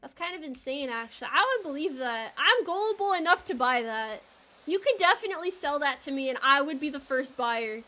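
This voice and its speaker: High, bright-voiced young woman streamer. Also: expressive, brisk. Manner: rambling, jokey, laughs often. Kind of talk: casual chat with viewers while gaming.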